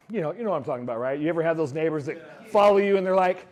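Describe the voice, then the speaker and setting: A man giving a motivational talk to a live audience, telling his story in an animated way and acting out what others said. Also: a little high, rapid-fire, hardly any pauses. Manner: animated storyteller who acts out quotes. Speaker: speaker.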